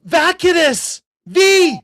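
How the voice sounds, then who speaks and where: A man with a strikingly high voice hosts a live talk show. He talks excitedly and in bursts, restarting his sentences and getting louder as he works himself up. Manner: excitable, rapid, self-interrupting, gets worked up and yells. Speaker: show host. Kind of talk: excited conspiracy breakdown chat.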